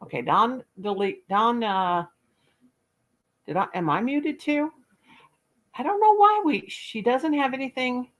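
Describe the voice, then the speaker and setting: A woman's voice: fairly high pitch, lively intonation, measured pace, pauses often. A woman hosting a casual livestream, chatting and thinking aloud while she fiddles with settings. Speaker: livestream host. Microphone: laptop or phone mic on a live call.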